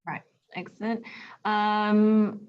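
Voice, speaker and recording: A woman's voice: medium pitch, steady tone, drawn-out words, smooth, muffled recording. A woman hosting a webinar video call, moderating casually with many fillers.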